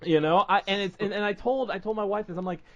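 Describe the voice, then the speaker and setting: A man's voice: high-pitched, fast talker, fairly bright tone, highs cut off. A man hosting a podcast, telling stories in rambling casual chat full of fillers. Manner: rambling storytelling with many fillers. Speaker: podcast host.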